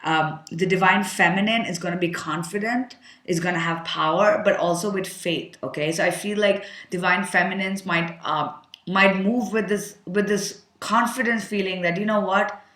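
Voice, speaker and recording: A woman's voice: fairly low pitch, normal speed, a bit bright, roomy sound. A woman giving a casual tarot reading, chatty and frank, thinking aloud with many fillers and an occasional curse. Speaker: tarot card reader.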